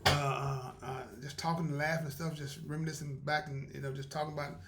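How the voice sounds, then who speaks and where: Male podcast host, casual storyteller, slightly high gravelly voice, laughs a lot. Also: flat delivery, brisk, very noisy. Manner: chatty, laughs often, acts out quotes.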